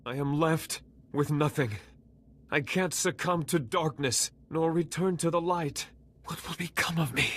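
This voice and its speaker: A man's voice: fairly high pitch, unhurried, a bit bright. An actor playing a proud, zealous male Jedi Knight in a video game, who speaks in a righteous, combative way. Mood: broken.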